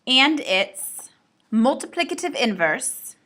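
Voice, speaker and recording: Female math teacher, upbeat and a bit playful, bright voice pitched slightly high. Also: sing-song, takes it slowly. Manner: upbeat, playful asides to students. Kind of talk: recorded classroom lesson.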